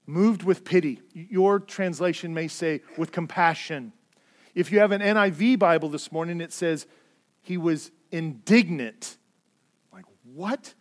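A man preaching a sermon as pastor, earnest, repeating words as he stresses points and swinging between loud and hushed delivery. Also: on the high side, measured pace.

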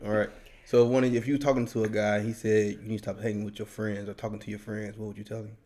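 A man's voice: lowish voice, level tone, fast talker, very noisy. A man hosting a casual podcast chat, laid-back and agreeable, often backing his co-host up.

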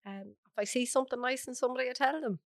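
An Irish woman with a hoarse, bunged-up voice, talking openly and bluntly as an interview guest. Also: high-pitched, rapid-fire, dry recording, clean studio sound. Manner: frank, chatty, laughs often. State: hoarse from a cold. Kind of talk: casual interview chat.

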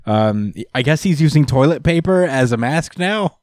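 A man's voice: a little high, normal speed, no echo. Laid-back man recapping a comic, dry sound. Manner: relaxed, rambling, acts out characters with put-on voices and laughs. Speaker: comic book podcast co-host. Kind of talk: casual chat recapping a comic.

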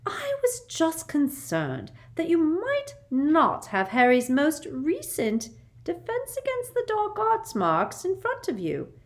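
A woman's voice: high-pitched, wildly swooping pitch, slow pace, pitched above the performer's own voice, full character voice. A woman voicing a simpering, falsely sweet middle-aged witch official in an audiobook, with a honeyed, faux-polite voice. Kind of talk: audiobook character voice.

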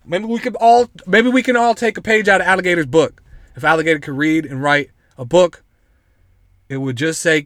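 A male podcast host with a somewhat high voice, joking and swearing freely as he reads stories aloud. The sound is dry and close, with no room at all. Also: normal speed, no room sound. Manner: joking, profane, animated. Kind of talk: casual podcast chat, reading news aloud.

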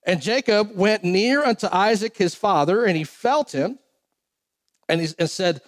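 High-voiced man preaching a casual sermon. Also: expressive, a little slow. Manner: casual, joking asides between King James readings. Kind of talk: sermon with scripture reading.

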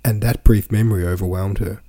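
A man's voice: lowish voice, fairly even intonation, brisk, dark tone. A man hosting a podcast, reading from a novel aloud and complaining in an exasperated, ranting way about its wordy sentences. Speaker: podcast host.

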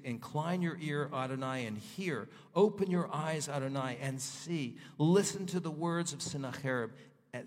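A male pastor preaching a sermon, reading scripture aloud and voicing prayers with fervor, his pitch rising and falling. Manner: rises and falls in pitch, voices prayers with fervor. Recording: long hall reverb.

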